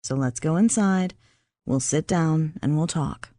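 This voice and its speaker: A woman voicing a gentle young man who soothes and calms in a low, soft voice. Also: unhurried, dry recording. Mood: soothing.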